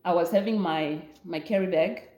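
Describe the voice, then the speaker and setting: A young Namibian woman with a Namibian accent, telling a lively storytime vlog, laughing often and mixing in local words. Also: on the low side, normal speed, roomy sound. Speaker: vlogger. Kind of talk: storytime chat.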